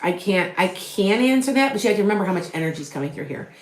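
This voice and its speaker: A woman's voice: medium pitch, animated, very fast. A middle-aged woman doing a live tarot reading, answering viewers' questions in a rambling, chatty way full of fillers and restarts. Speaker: tarot reader and psychic medium. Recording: echoey room.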